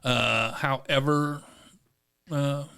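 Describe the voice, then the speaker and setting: A man's voice: medium pitch, fairly even intonation, extremely slow, vocal fry, sharp tone, clean tone. A man co-hosting a podcast in casual chat, opinionated, talking in bursts with fillers. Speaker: podcast co-host.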